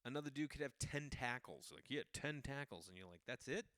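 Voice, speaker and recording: A man from the Boston area hosting a podcast, telling casual comic stories in an animated, chatty way. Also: medium pitch, a little fast, smooth, dry recording, clean studio sound. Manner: animated, jumps into quoted voices, loose and chatty. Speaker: podcast host.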